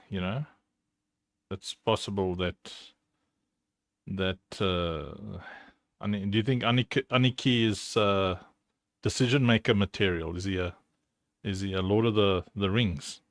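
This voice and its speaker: A man's voice: lowish voice, dry recording, studio quality. A man hosting a livestream, chatting casually in a rambling, joking way with lots of fillers. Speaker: livestream host.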